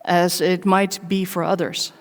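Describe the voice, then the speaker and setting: A woman giving a live conference talk, candid and personal, with wry self-mocking asides and measured pauses between short phrases. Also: on the low side, little pitch movement. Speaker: conference speaker. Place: large conference hall. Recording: long reverb of a big hall.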